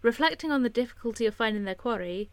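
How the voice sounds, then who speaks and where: Co-host, woman, slightly high voice, wry one-liners, dead-dry sound. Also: expressive, fast talker, no echo. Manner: dry, wry remarks, short replies. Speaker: podcast co-host. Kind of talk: casual chat.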